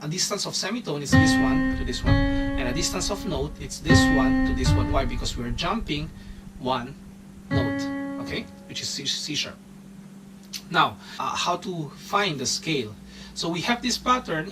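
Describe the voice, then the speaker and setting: A man giving a keyboard lesson, explaining step by step in slightly non-native English and often checking in with "okay?". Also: a little high. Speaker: music teacher. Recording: distant mic with loud piano.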